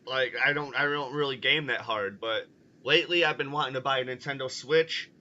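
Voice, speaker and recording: A man's voice: mid-range voice, a little fast, bright, forceful tone, dull audio. A man from the US Midwest with a Chicago-area accent, nasal and getting over a cold, hosting a loose, profane casual chat. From Illinois, US Midwest. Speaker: podcast host.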